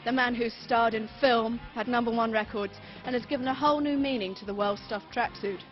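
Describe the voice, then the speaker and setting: Woman host, slightly high voice, playful mocking interviewer, dull old TV audio with faint music. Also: fairly even intonation, fairly quick. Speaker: TV show presenter interviewing a guest. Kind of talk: teasing TV interview. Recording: dull 1980s TV sound.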